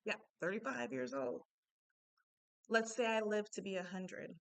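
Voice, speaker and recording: A woman's voice: medium pitch, unhurried, no echo. A woman in her thirties, a self-help speaker talking in a casual, reflective way and often checking in with listeners. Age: 30s. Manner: conversational, often asks "right?" of listeners.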